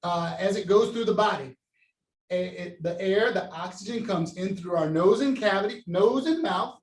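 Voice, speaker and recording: Speaking at normal speed, a high-voiced man leads an interactive science lesson for kids, having them echo back words he calls out. He gestures and stands to demonstrate, animated throughout, while distance from the mic and a reverberant room make him sound far off and ringing.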